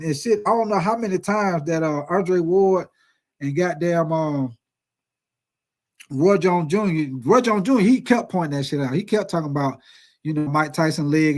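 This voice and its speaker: A man in his forties hosting a sports video, telling stories in a profane, animated, casual rant. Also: high-pitched. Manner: profane, animated storytelling with lots of swearing.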